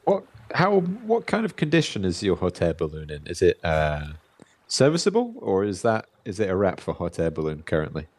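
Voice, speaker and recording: A man playing a tabletop role-playing game, asking questions in character in a halting way. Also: deep voice, huge pitch swings, a little mellow. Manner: slow, halting, with frequent laughs. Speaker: player.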